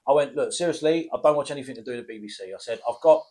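A man's voice: mid-range voice, very fast, darkish tone. A British man hosting a casual podcast, telling a rambling, sweary story with chuckles. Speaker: podcast host.

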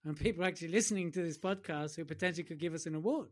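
Male podcast co-host, high voice, teasing, chatty. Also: very fast. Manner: teasing, playful, laughs often. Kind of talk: casual chat.

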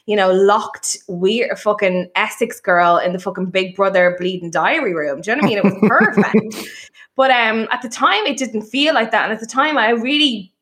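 A woman chatting casually on a podcast, telling stories in a blunt, animated, sweary way. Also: medium pitch, normal speed. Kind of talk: casual chat.

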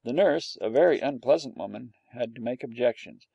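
A man with a gravelly voice reading a storybook aloud in a dry, wry first-person telling. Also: mid-range voice, lively intonation, a little fast, no room sound, muffled recording. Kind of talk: storybook narration.

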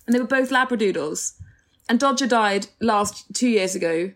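A young woman co-hosts a podcast, chatting casually at a moderate pace in a fairly high voice. She's a chatty storyteller who laughs often and acts out quotes.

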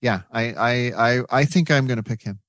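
A man co-hosting a casual podcast chat, speaking in a thoughtful, slightly halting way. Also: mid-range voice, fairly bright tone, no echo, clean studio sound.

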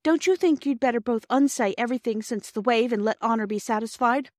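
A woman reading an audiobook, voicing a kind, sensible older sister in a gentle, soothing way. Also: on the high side, a little fast, dry recording, studio quality, voice pushed up, lightly acted.

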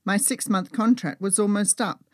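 A woman's voice: medium pitch, steady tone, moderate pace, no echo, studio quality. A woman narrating a first-person story as an audiobook, reading dramatically and dropping to a whisper in tense moments.

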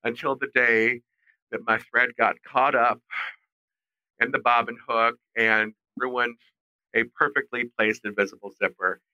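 A middle-aged man, a fashion designer, telling animated stories as a guest in a podcast interview. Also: medium pitch, a little slow, clean tone, dry recording, lo-fi sound. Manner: animated, expressive storyteller. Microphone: remote call mic.

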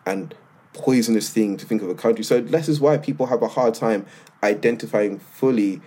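A man co-hosting a podcast, telling stories in a lively, slangy, casual way. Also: on the low side, a little fast, slightly rough. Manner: animated storytelling with slang. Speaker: podcast co-host. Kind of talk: casual chat.

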